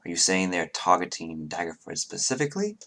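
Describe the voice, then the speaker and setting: A man playing a composed duchess in a tabletop game, polite and formal. The voice sits very low and measured, unhurried, like a careful administrator. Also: big pitch swings, bright, forceful tone, exaggerated voice. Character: formal, measured duchess, middle-aged woman. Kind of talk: tabletop role-play voicing.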